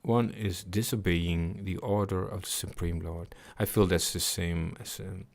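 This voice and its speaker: A man with a very low, gravelly voice reads devotional scripture aloud at a slow pace. He stops often to reflect and repeats his words, as on a home livestream. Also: fairly even intonation. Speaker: scripture reader. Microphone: computer mic on a livestream.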